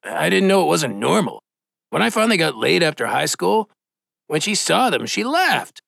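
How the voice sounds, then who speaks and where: Casting: man playing a chatty dude, pitched up, bouncy. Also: moderate pace, creaky, no room sound, studio quality, exaggerated voice. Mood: excitable. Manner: excitable, slangy. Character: goofy young male slacker, chatty.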